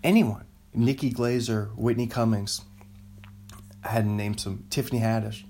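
A man's voice: lowish voice, steady tone, unhurried, warm tone, a little hiss or hum. A man in his thirties hosting a solo podcast, rambling, cutting himself off and laughing at his own jokes. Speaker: podcast host.

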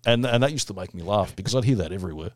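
A middle-aged man from Melbourne, co-hosting a casual podcast chat and telling stories with lively quoted voices. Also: on the low side, very fast. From Melbourne, Australia. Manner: animated storyteller, lively put-on voices for quotes. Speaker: podcast co-host.

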